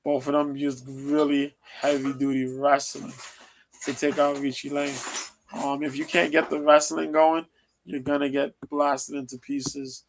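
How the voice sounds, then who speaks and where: Male stream host, gravelly, monotone, casual fight-preview chatter full of ums. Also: a little high, a little slow, a little hiss or hum, poor audio. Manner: loose, rambling, lots of ums.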